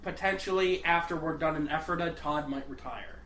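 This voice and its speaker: A man's voice: a little high, brisk, heavy background noise. A man co-hosting a podcast, telling rambling stories and swearing freely in casual chat. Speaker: podcast co-host. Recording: echoey room.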